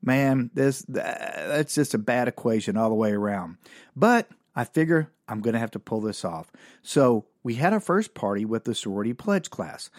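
A man's voice: mid-range voice, lively intonation, moderate pace, a little mellow, no echo, clean studio sound. A middle-aged man, hosting a podcast and telling a comic story in a rambling, self-mocking way, chuckling often and swearing casually.

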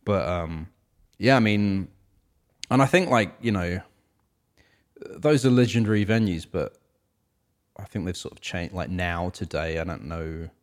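A man's voice: deep voice, unhurried, pauses often. A young man co-hosting a casual music podcast, talking in loose, rambling sentences full of fillers. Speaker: podcast co-host. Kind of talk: casual chat about music.

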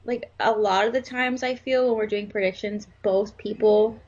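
Podcast co-host, woman, husky, rambling and jokey, lo-fi audio. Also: medium pitch, steady tone, normal speed, a little mellow. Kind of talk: casual wrestling podcast chat. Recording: slightly dull lo-fi sound.

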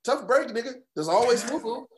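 A man co-hosting a casual wrestling podcast from home, talking in an animated, profane way with many repeats and restarts. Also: very high voice, moderate pace, roomy sound, a little hiss or hum. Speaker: podcast co-host. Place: home room.

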